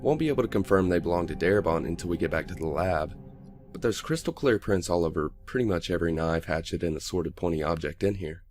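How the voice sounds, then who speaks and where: A man's voice: low-pitched, animated, fast, a little mellow, faint music behind. A male narrator voicing a blunt crime scene investigator reporting evidence in a horror audiobook. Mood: grim. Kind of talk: audiobook character voice.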